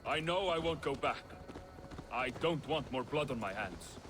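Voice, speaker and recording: A weary young outlaw, voiced by a man who speaks earnestly and a little haltingly. His voice is mid-pitched. Game audio with clear background noise and hoofbeats sits behind him. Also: animated, natural voice. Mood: uneasy earnest. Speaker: video game character.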